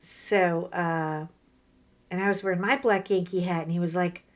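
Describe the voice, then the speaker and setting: A middle-aged woman, chatting casually about her day while she works on crafts, telling lively stories and acting out what people said. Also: on the low side, normal speed. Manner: chatty storyteller, animated, acts out quoted voices. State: sore from a workout. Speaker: crafting vlogger.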